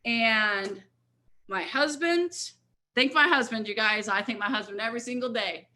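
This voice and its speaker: Speaking at a normal speed in a slightly high, pushed and bright voice, a middle-aged woman gives a motivational testimony on a coaching video call. She is a network marketing leader sharing her story, earnest and emphatic, and she keeps checking in with the people listening.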